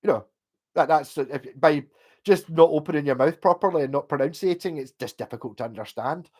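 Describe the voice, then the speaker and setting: Rambling Scottish man, slightly high voice. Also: fairly quick, darkish tone. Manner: rambling, with frequent restarts and swearing. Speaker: livestream host. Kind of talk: casual livestream chat.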